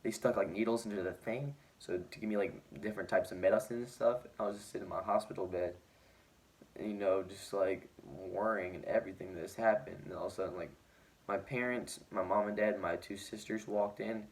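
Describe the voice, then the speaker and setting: Speaking fairly quickly in a fairly low, steady voice, a teenage boy tells his story casually to the camera. He sounds injured and shaken, rambles, and leans heavily on "like."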